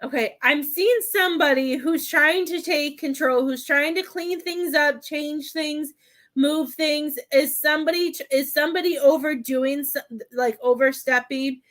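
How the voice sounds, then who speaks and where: A woman with a high, somewhat bright voice and measured pace conducts a psychic medium reading on a live stream. She talks in a faltering, rambling way with frequent fillers, and she's emotional, often choking up.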